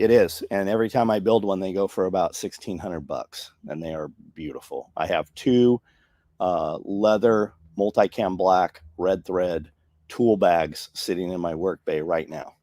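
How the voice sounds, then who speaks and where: A man's voice: deep voice, moderate pace, a little mellow, no room sound. A man hosting a casual podcast, blunt and profane as he reads out viewer comments. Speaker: podcast host. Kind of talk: casual chat, reading comments.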